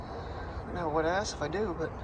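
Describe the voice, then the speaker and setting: A man talks casually and rambles as he films himself on a walk. His voice sits a bit high. The handheld phone recording is full of loud outdoor noise. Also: moderate pace. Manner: chatty, rambling, coaxes his dog in a high voice. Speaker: vlogger. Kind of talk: casual vlog narration. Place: outdoors on a walk in a field and playground. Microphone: phone camera held in hand.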